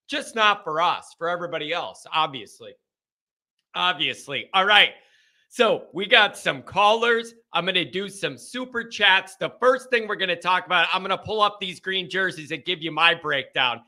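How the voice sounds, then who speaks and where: A man's voice: high-pitched, normal speed, bright, forceful tone. Hyped young man hosting a fan show. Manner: hyped, jokey, sings a goofy jingle. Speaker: host of a fan call-in show. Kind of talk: energetic casual livestream talk.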